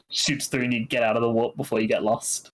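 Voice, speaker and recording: A man's voice: medium pitch, poor audio. A man narrating as game master of a tabletop game, laughing often as he describes what happens.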